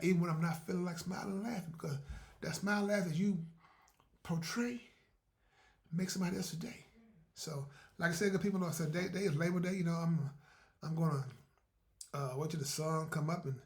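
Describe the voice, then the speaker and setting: Folksy man talking on his own podcast. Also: a little high. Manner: folksy, repeats words, acts out little dialogues. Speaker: podcast host. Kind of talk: casual solo monologue.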